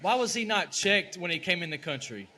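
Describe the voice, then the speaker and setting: A man's voice: high voice, lively intonation, brisk, bright, forceful tone. A man on a remote podcast, making short, dry remarks. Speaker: podcast co-host. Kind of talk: casual remote chat.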